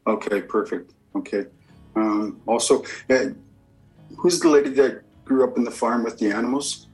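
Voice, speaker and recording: A man with a slightly husky voice gives a spirit reading as a medium. He asks short yes-or-no questions and confirms each answer calmly. Faint music plays underneath. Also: medium pitch, normal speed, rough recording. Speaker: evidential medium giving a reading.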